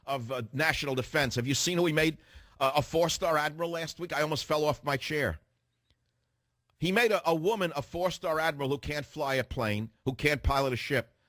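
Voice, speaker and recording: A man's voice: a little high, a bit bright, no echo, studio quality. A man hosting a political radio commentary, ranting fiercely, firing rhetorical questions and repeating phrases for emphasis. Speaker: radio talk show host.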